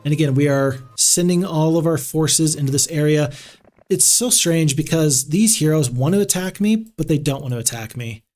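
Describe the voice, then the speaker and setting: A man's voice: fairly high pitch, normal speed, darkish tone, soft background music. A man commentating a strategy game on a live stream, chatty and rambling with frequent restarts.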